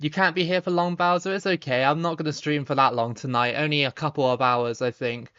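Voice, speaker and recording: Man, Somerset accent, thirties, live-stream chat, relaxed and rambling, higher voice, muffled stream audio. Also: a little fast, smooth. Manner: relaxed, chatty, frequent ums and repeated starts, laughs easily. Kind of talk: casual live-stream chat reading viewer comments.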